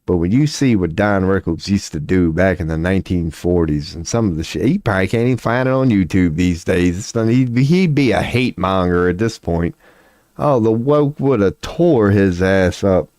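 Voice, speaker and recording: A man's voice: sits low, animated, moderate pace, darkish tone, dry recording, studio quality. A man in his forties chatting casually on a livestream, rambling and profane, laughing often as he talks. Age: 40s. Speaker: streamer.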